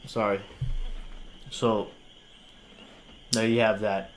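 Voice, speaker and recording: There's a little hiss or hum behind this lowish, steady voice, unhurried and pausing often. It belongs to a young man, Spanish his first language, who reviews music on a live stream and argues with a critic in incredulous, argumentative slang.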